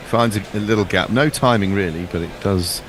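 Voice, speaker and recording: Low-voiced male cricket commentator. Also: fairly quick, a little hiss or hum. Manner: chatty, jokey, describes play. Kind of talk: ball-by-ball radio commentary.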